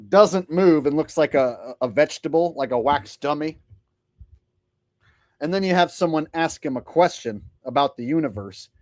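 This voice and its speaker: Sarcastic rambling male vlog host, fairly high voice, very dry close sound. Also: a little mellow, no echo. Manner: sarcastic, rambling, mocking, laughs a lot. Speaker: vlogger host. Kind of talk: casual commentary.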